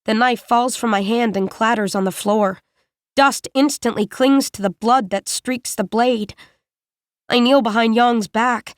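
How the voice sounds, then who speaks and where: A woman reading a first-person novel aloud as an audiobook narrator, in a measured, deliberate way. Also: fairly high pitch, no echo, clean studio sound.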